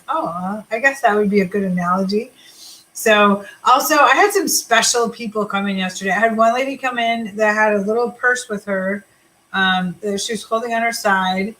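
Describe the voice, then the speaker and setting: A woman's voice: mid-range voice, fairly bright tone, rough recording. A woman hosting a casual live chat with her sales team, telling stories and answering viewer comments. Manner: chatty, storytelling, reads viewer comments aloud.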